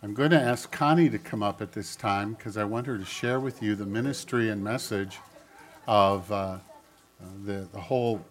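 An older man, a pastor, giving a gentle storytelling children's sermon and speaking directly to the kids. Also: lowish voice, moderate pace.

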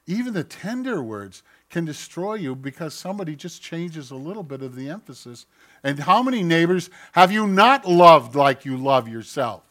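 Male pastor, fairly high voice, sermon with loud jabs and hushed asides, acts out the voices he quotes. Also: sing-song, moderate pace. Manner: swings from loud mocking outbursts to quiet intimate asides.

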